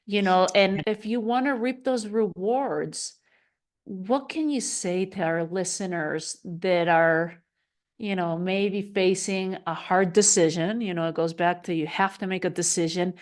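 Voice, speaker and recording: A woman's voice: lowish voice, unhurried. A woman hosting an interview podcast who asks encouraging questions. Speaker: podcast host.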